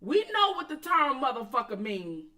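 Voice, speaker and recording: A high, bright woman, hosting a commentary stream. She talks in blunt, profane bursts and answers her chat directly. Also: sing-song, moderate pace. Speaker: commentary channel host. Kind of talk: casual commentary, addressing viewers and chat.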